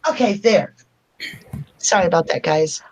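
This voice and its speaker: A woman's voice: on the low side, measured pace, a little mellow. Chatty woman hosting a live chat. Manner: chatty, greets viewers and reads their comments aloud. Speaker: host of a live chat show. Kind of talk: casual live-stream chat.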